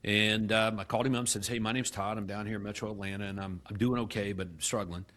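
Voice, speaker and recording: A middle-aged man, a guest in an interview, telling his story with animated acted-out dialogue and frequent restarts. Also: fairly low pitch, fast. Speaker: guest, real estate company CEO.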